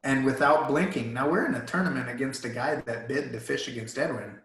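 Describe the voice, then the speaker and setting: A man's voice: mid-range voice, brisk, fairly bright tone, roomy sound, low-quality recording. A man guest in a virtual Q&A, telling a personal story in an earnest, emotional way. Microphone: video call.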